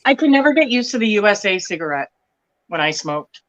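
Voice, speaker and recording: A woman's voice: mid-range voice, sing-song, brisk, lo-fi sound. A woman guest on a livestream chat, agreeable and chiming in with short replies.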